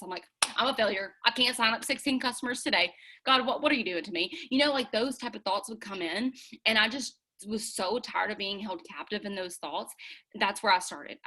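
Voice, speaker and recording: A woman's voice: mid-range voice, sharp tone. A young woman leading a team call from home, casual and chatty with lots of filler words, earnest and encouraging. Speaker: team leader.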